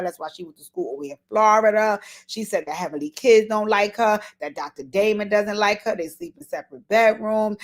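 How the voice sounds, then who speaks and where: A woman recapping reality TV in a loose, talky commentary. She is blunt and swears freely. She hammers her points with repeated words and speaks straight to the people she is discussing. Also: mid-range voice. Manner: animated, repeats words for emphasis. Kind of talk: casual commentary vlog.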